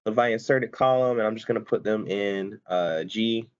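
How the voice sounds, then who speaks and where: In this screen-recorded software tutorial, a man with a fairly low, brisk voice walks students through a spreadsheet step by step. He's casual and corrects himself as he goes, and the audio sounds dull.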